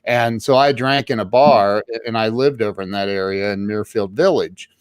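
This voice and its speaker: A man's voice: on the low side, moderate pace, clear, resonant tone, dry recording, studio quality. Man telling his story, emphatic restarts. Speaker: interview guest. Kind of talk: casual storytelling.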